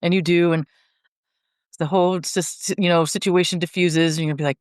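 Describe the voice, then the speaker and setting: A woman's voice: deep voice, a little fast, no room sound, clean studio sound. A woman co-hosting a Catholic coaching podcast, talking candidly and acting out bits of everyday dialogue. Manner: candid and lively, acts out quoted dialogue. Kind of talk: conversational podcast chat.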